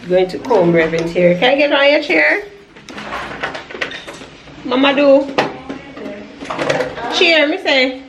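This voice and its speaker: A woman vlogging at home, talking slowly and playfully to her little one. Her voice sits slightly high, and she laughs easily while coaxing. The room is echoey, with faint noise behind her. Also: animated. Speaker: vlogger mom. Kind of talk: casual home vlog, talking to her toddler.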